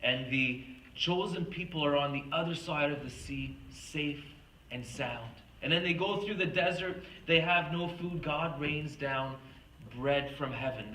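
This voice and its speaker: Bright-voiced woman preaching in echoey hall. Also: deep voice, recorded from a distance, a little hiss or hum. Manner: earnest, storytelling, acts out quoted speech. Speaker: retreat speaker. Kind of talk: faith talk to a retreat audience.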